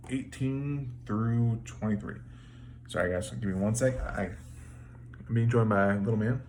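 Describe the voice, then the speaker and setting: A man's voice: on the low side, darkish tone, a little hiss or hum. A man who blogs as a trucker, retelling a Bible story in an informal, slangy way with frequent restarts. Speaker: trucker video blogger.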